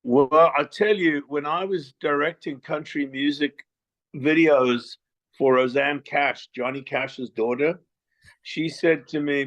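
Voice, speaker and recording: A man's voice: fairly high pitch, steady tone, slow, fairly bright tone. Older man, bawdy storyteller, muffled line. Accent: mixed South African. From South Africa. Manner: bawdy, joking, rambling storyteller. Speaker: guest filmmaker. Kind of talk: casual interview chat.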